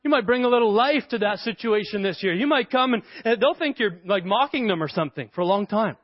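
A male pastor preaching a sermon, telling stories in an animated way and laughing often. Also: high-pitched, fast talker, no room sound. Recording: dull lo-fi dry sound.

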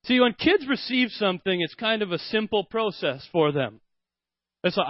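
A man in his thirties delivers a sermon with a notably high voice, drifting into playful family anecdotes and putting on his children's excited voices. The recording is dry and close, with a slightly dull, lo-fi tone. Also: normal speed, no room sound. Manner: animated storytelling, acts out his kids' voices. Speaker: pastor.

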